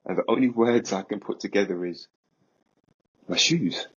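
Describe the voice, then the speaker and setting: A man, a podcast guest, recounting a story in a vivid, animated way. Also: fairly low pitch, fast talker, slightly rough, muffled recording. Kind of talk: casual storytelling.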